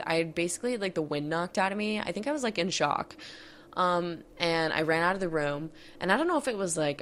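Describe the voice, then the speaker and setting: A woman's voice: low voice, a little hiss or hum. A young woman podcast host candidly recounting a personal college story, with many fillers and some swearing.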